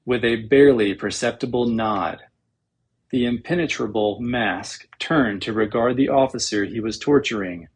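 An audiobook narrator reads a novel aloud in a husky, medium-pitched voice, telling the story in a measured, dramatic way.

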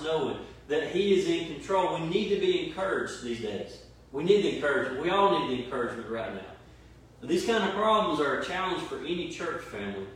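Emphatic male preacher in an echoey room. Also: high-pitched. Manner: emphatic, repetitive preaching with rhetorical questions. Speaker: pastor. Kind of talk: sermon. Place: church service streamed online. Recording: very echoey room, mic at a distance, faint room noise.

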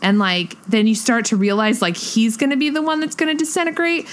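A young woman talks in an excitable, gushing rush, her voice sitting a little high. She piles up "like" as she reacts to a film in casual chat. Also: fairly quick. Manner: excitable, gushing, many "like" fillers.

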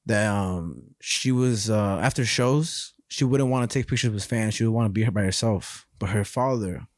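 Low-pitched and speaking at an ordinary pace, the young co-host of this podcast rambles through animated stories peppered with swearing, all in a casual tone. The audio is clean studio sound with no echo.

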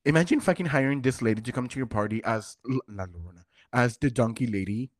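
Co-host, tipsy man, chatty and giggly, mid pitch, dry sound. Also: quick pace, no room sound. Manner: animated storyteller, frequent "like" and swearing, giggly. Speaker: podcast co-host. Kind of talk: casual chat.

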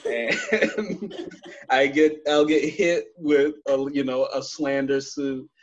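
A man hosting a podcast in easy casual chat, rambling along and laughing through his stories at a middling pitch. His audio is somewhat dull and lo-fi. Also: steady tone, slow pace. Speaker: podcast host.

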